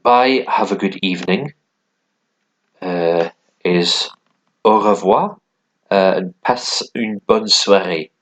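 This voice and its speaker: Man, low voice, slow, halting, casual lesson commentary at a desk mic. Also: a bit bright. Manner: hesitant, many ums and restarts. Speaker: language learner.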